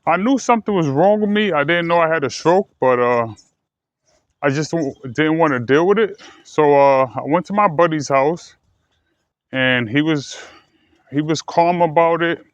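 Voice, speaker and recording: A man telling a personal story in a halting way, with many fillers, restarts and repeated words. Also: fairly high pitch, dry recording. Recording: dull, dry lo-fi sound.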